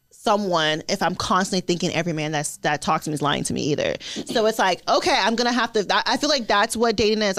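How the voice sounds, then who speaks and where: A woman's voice: medium pitch, fairly bright tone, dry recording. Young woman on a podcast, blunt and sweary, dry close sound. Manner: blunt, profane, emphatic. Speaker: podcast co-host. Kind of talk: casual chat.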